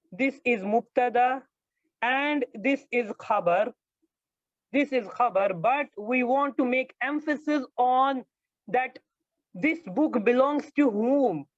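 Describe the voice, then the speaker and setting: A male grammar teacher giving an online lecture, explaining slowly and repeating his points with many hesitations. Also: very high-pitched, dry recording. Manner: slow, repetitive explaining with frequent hesitations. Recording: dull lo-fi dry sound.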